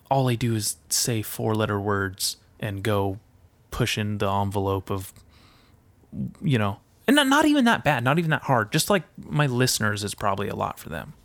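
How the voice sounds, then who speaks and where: A man's voice: lowish voice, fairly bright tone, no room sound. Ranting foul-mouthed man, dry close mic. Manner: ranting, heavy swearing, self-deprecating asides. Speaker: podcast host and aspiring comedian. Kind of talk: profane rambling monologue.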